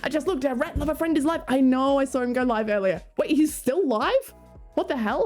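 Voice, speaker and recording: A woman's voice: high-pitched, a little fast, a little mellow. A young Australian woman streaming, chatting casually with her viewers in a playful, rambling way. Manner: playful, rambling, laughs often, swears. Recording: faint music behind.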